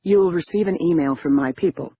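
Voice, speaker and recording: A man voicing a confident female con artist who briefs in a smooth, businesslike way, on a muffled lo-fi recording. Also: on the high side, fast talker, slight background noise, natural voice.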